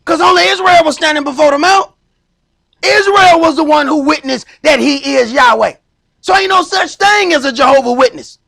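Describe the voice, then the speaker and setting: A man preaching a sermon as priest, stressing points by slowing down and raising his voice. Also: extremely high pitch, vocal fry. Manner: emphatic preaching, slows and shouts for stress.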